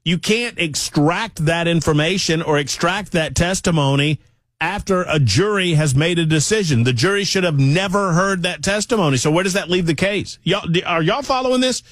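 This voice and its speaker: A man's voice: a little high, moderate pace, fairly bright tone, no room sound, studio quality. Emphatic talk radio man. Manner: emphatic and sarcastic, addressing listeners directly. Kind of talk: opinionated political talk radio monologue. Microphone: studio microphone.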